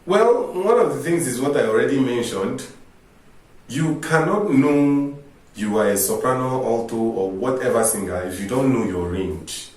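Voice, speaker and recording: A man gives an informal singing lesson, explaining step by step and asking rhetorical questions. His voice sits at a middle pitch for a man. He is recorded from a distance in a strongly echoing room. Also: lively intonation, moderate pace. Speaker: vocal coach. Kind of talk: informal teaching talk to camera. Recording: echoey room, distant mic.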